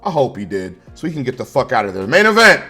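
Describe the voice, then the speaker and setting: A man's voice: medium pitch, very animated, fast talker, bright, forceful tone, faint music behind. A man ranting through a wrestling show review, angry and sarcastic, swearing constantly.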